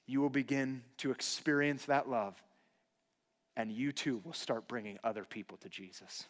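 A man in his thirties preaching a sermon, telling personal stories earnestly and dropping to a hushed voice for emphasis. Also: medium pitch, steady tone, moderate pace. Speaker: pastor. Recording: long hall reverb.

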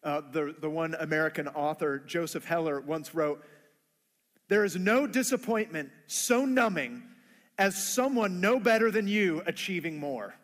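A man's voice: fairly high pitch, a little slow, fairly bright tone, big-room sound. A man preaching a sermon who acts out everyday conversations in playful voices. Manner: acts out dialogue in funny voices. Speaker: pastor.

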